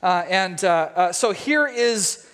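A male pastor giving a sermon, retelling a story with lively, jokey asides. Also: sits high, takes it slowly, in a large hall.

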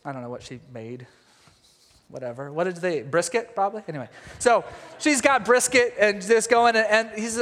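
Male pastor, sermon, high voice, lively jokey storytelling, long hall reverb. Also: normal speed.

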